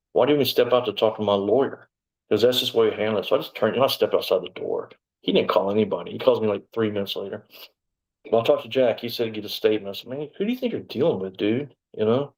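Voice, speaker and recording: A man, an interview guest telling his story in blunt, profane conversation and bursting out loudly when he quotes himself. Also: lowish voice, low-quality recording. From Texas, USA.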